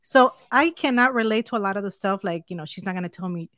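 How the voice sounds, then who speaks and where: A woman's voice: medium pitch, quick pace, fairly bright tone, dry recording, clean studio sound. A middle-aged woman, a podcast guest, chatting casually and laughing often about her grown daughter. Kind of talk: casual chat.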